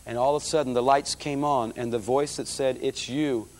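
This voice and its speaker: A middle-aged man preaching, telling his conversion story in a lively storytelling manner and calling the audience folks. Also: mid-range voice, fairly quick. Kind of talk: testimony sermon.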